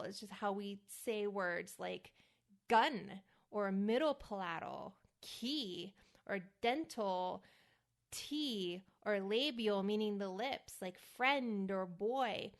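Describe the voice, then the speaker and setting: A woman from the United States giving a casual spoken lesson as host of her show. She talks slowly and carefully, saying single words for the listener to repeat, and sounds a little worn out. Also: mid-range voice. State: a little worn out, feeling hot. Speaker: acting coach and podcast host.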